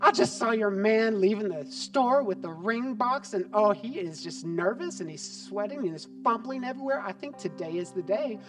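A man's voice: high voice, lively intonation, moderate pace, few pauses. A man doing a gushing girlfriend bestie. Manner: breathless, gushing. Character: gossipy excited young woman best friend. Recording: distant mic with background music.

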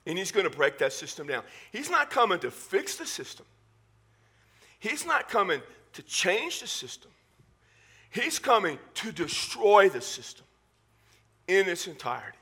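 A male pastor with a Southern Texas accent preaching a sermon in church, animated and full of joking asides. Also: high voice, slightly rough.

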